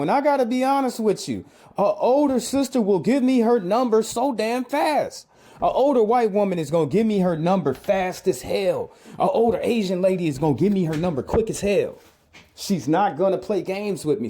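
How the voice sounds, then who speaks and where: A man's voice: high voice, warm tone. Emphatic, preachy middle-aged male vlogger. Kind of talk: comedic commentary.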